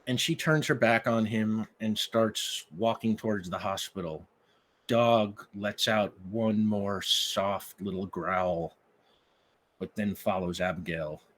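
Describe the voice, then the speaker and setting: A man acting as game master, calmly setting the scene as he narrates a tabletop game. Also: lowish voice, slow pace. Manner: relaxed, scene-setting storyteller.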